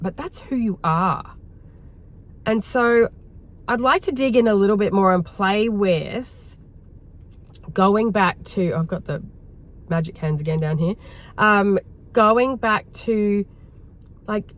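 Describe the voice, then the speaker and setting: A woman hosting her own video and leading a heartfelt guided reflection, rambling gently and filling her talk with "like". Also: mid-range voice. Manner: rambling, heartfelt, full of "like" fillers. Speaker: wellness host.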